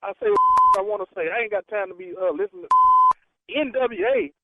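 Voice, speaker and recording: High-pitched guy on a dull noisy phone line, laughing and mocking. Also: huge pitch swings, brisk, vocal fry. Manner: scoffing, mocking, laughs between words. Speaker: prank call target.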